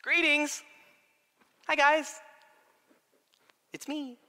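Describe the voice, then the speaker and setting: A man's voice: very high-pitched, fairly even intonation, very slow, sharp tone, voice pushed up, heavily acted. A man putting on a casual, nonchalant voice for an adult male Jesus. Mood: breezy. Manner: casual, chummy greeting. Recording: long hall reverb.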